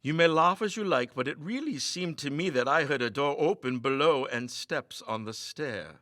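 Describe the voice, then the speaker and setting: A man's voice: fairly high pitch, expressive, bright, forceful tone, dry recording, clean studio sound. A man reading a ghost story aloud, voicing a nervous but reasonable young man who wants to leave. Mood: uneasy. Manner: earnest, uneasy, measured.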